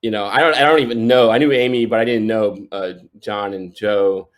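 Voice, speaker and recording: A man's voice: lowish voice, fairly even intonation, brisk. A man in his forties, a sports photojournalist, telling stories in a casual interview, rambling with restarts and fillers and laughing often. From New York.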